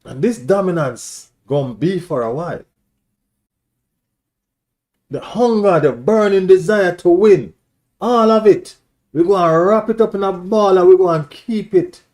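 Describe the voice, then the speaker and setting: A man's voice: sits high, expressive, measured pace, long pauses, darkish tone. A man hosting a live stream, ranting as a football fan in an emphatic, repetitive, taunting way.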